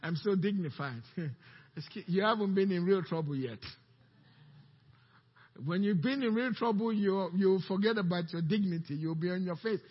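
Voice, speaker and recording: A pastor preaching a sermon, questioning the congregation and calling out to them. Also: male voice, high-pitched, normal speed, long pauses, big-room sound, lo-fi sound. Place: church sanctuary.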